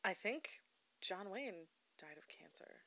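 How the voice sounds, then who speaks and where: A woman's voice: medium pitch, animated, slow pace, pushed and bright, dry recording. Chatty woman co-hosting a podcast. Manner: chatty, emphatic, sprinkled with "like". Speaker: podcast co-host. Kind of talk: casual chat.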